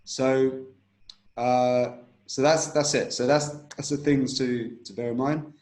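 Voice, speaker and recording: Male breathwork teacher, mid-pitched voice, instructional talk, echoey room. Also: steady tone, slow pace, a little mellow. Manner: explanatory, demonstrates chanted tones. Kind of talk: instructional conversation. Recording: roomy echo.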